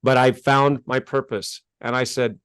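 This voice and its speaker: A man from the United States, a self-help author telling his life story as an interview guest, animated and acting out conversations. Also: medium pitch, measured pace, clear, resonant tone, no room sound, clean studio sound. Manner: animated, gets worked up and acts out exchanges.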